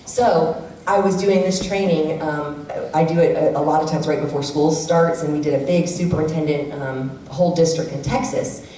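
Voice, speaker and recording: A middle-aged woman giving a community workshop talk in a church hall, telling lively personal stories and acting out what her family members say. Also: sits low, moderate pace. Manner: animated storyteller who acts out quoted family members. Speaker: workshop presenter. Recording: echoey hall from far off, faint room noise.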